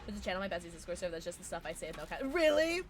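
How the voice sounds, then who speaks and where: A woman's voice: on the low side, very animated, racing, a little hiss or hum. A young woman streaming a game, chatting casually and giggly with her viewers. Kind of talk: casual gaming stream chat.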